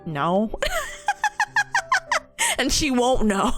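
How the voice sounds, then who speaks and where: Young woman streamer just chatting, high lively voice, laughs a lot, faint music behind. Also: moderate pace. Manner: animated storytelling, frequent laughs, acts out quotes. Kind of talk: casual chat.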